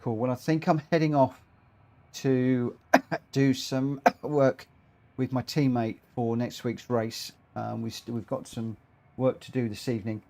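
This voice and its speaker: A man hosting a live racing game stream, talking excitedly and rambling, often tripping over his own words. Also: medium pitch, unhurried.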